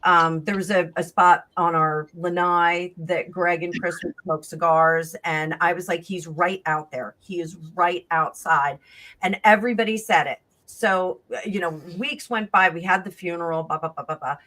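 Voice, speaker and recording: A woman telling a long personal story in casual chat, rambling and animated, acting out the voices of the people in it. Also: on the low side, normal speed, hardly any pauses. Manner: rambling, animated, acts out quoted dialogue. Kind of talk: casual storytelling on a live stream.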